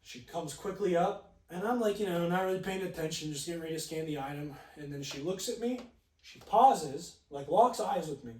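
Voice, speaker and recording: A young man co-hosting a podcast, telling stories in a casual, animated way, laughing often and swearing freely. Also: a little high, brisk, echoey room, distant mic, a little hiss or hum. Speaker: podcast co-host. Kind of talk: casual storytelling chat.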